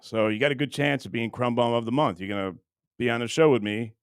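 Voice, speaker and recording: A man's voice: medium pitch, fast talker, dry recording, clean studio sound. A middle-aged man hosting a livestream in a casual, rambling, joking way, with plenty of crude humor. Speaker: livestream host.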